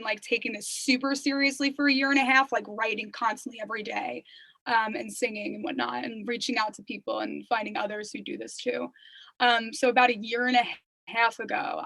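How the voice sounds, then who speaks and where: A woman's voice: a little high, vocal fry, fairly bright tone, no echo, low-quality recording. A young woman telling her story as an interview guest, chatty and full of "like" and "you know.". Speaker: interview guest, singer-songwriter. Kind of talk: casual interview chat.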